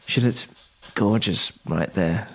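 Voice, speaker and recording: Male narrator, lowish pitch, first-person story reading, slightly halting. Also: slightly rough.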